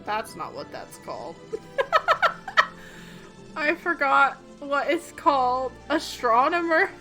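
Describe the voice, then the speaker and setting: Young woman chatting to viewers while watching a movie, bright voice, a bit low-key. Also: very animated, takes it slowly, soft background music. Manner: chatty, addressing viewers, a little subdued. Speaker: movie reaction host. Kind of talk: casual reaction commentary.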